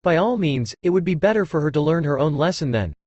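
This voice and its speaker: A man narrating an audiobook in a steady storytelling read. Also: a little high, fast talker, no echo, lo-fi sound. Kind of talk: scripted narration.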